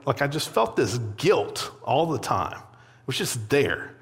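A man's voice: mid-range voice, very animated, slow, a bit bright. A young man giving a sermon, telling a personal story in a loose, conversational way full of fillers and little laughs. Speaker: pastor. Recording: long hall reverb.

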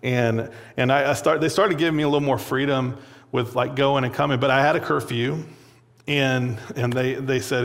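A young pastor tells a personal story during his sermon, loose and conversational, full of fillers and little laughs. His medium-pitched, slightly bright voice stays steady at a moderate pace, with long hall reverb on the recording.

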